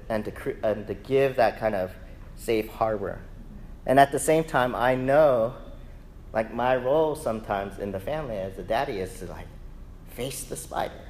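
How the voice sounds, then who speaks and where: A man in his thirties preaching a sermon, telling lively family stories and then settling into a calmer teaching tone. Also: medium pitch. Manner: animated storyteller who acts out family members' voices. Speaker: pastor.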